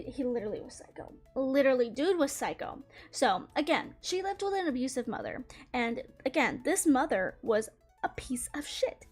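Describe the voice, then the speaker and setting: Brief: young Southern woman, high voice, chatty storytime streamer, laughs a lot, faint music under her. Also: a little mellow. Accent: Southern American. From Southern United States. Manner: chatty, laughs often, lots of "like" and "dude". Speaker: streamer telling a story while drawing. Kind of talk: casual storytime chat.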